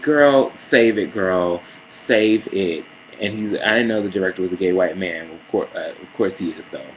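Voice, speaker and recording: A man ranting sassily in a casual vlog, calling listeners girl and honey, heated and swinging between mutters and loud outbursts. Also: on the low side, fairly even intonation, normal speed, hardly any pauses, highs cut off, slight background noise. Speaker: vlogger. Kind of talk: casual opinion rant.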